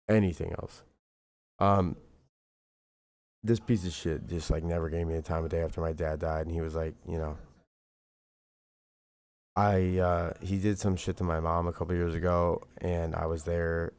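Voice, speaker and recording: Streamer guy venting, low gravelly voice, lots of "bro" and "like", heated and sweary. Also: little pitch movement, moderate pace, pauses often, darkish tone. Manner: rambling, profane and heated, full of fillers like "bro" and "like". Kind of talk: livestream monologue.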